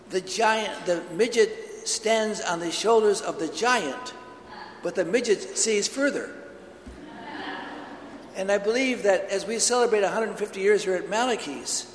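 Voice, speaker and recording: A priest with a high voice preaches an earnest, story-filled homily inside a big church. The hall echoes with long reverb, and there's a little hiss or hum underneath.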